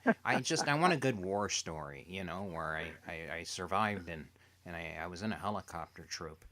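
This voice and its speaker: A man's voice: deep voice, lively intonation, moderate pace, pushed and bright. A man from Toronto hosting an interview, rambling and joking with lots of stammered restarts. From Toronto, Canada. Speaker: interview host. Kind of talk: casual chat.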